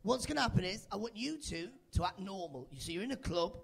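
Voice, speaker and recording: Lively, high-pitched stand-up comedian man. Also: fast, vocal fry, slightly rough. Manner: chatty, teasing, playful crowd banter. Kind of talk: live stand-up with crowd work.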